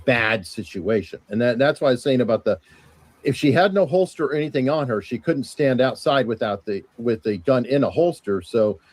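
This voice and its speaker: A man's voice: medium pitch, expressive, moderate pace, a little mellow. Man explaining in a mid voice. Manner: practical, explains, a bit hesitant. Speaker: panelist. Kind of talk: casual panel discussion.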